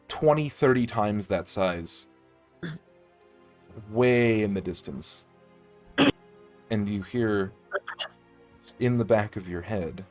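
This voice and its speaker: A man narrating casually as game master in a tabletop game, with frequent swearing. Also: medium pitch.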